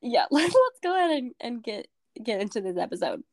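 A woman's voice: a little high, sing-song, brisk, darkish tone. A young woman co-hosting a podcast, chatting casually with a giggly, playful, rambling manner. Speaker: podcast co-host.

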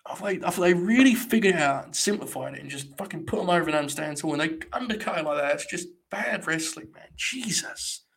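A man's voice: a little high, lively intonation, quick pace, vocal fry, hardly any pauses, fairly bright tone. A young man hosting a live stream, giving blunt, sarcastic, casual commentary and swearing freely.

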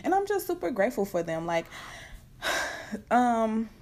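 A young woman hosting her podcast from home at night, chatting casually and excitedly with lots of fillers. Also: on the high side. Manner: chatty, animated, fast-talking with many fillers. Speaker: podcast host. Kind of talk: casual unscripted chat. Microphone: computer setup at home.

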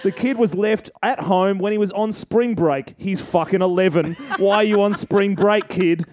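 A high-pitched man co-hosts a comedy podcast. He rants in a crude, mocking way and drives every bit toward a punchline. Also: moderate pace, darkish tone. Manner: profane, mocking, builds to punchlines. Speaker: co-host.

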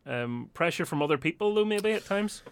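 A man's voice: a little high, animated, normal speed, slight background noise. A man hosting a sports podcast, chatting and laughing along with his guests. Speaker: podcast host.

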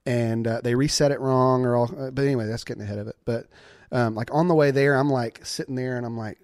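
A man casually telling a story from his youth, laughing often and acting out quoted voices in a high pitch. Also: fairly even intonation, quick pace, darkish tone, dry recording, studio quality.

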